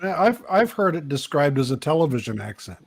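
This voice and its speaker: A man chats on a group call, chuckling through his stories. His voice is a bit husky and rises high, with lively swings in pitch. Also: a little fast. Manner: laughing, storytelling, jokey. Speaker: call guest. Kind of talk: casual chat.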